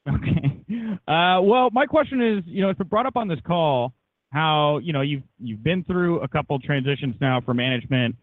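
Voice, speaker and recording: A man's voice: on the high side, lively intonation, normal speed, dry recording. A man, a wrestling reporter, calling in to ask questions on a conference call in a friendly, bantering tone over the phone. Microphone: telephone. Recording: dry, tinny phone line.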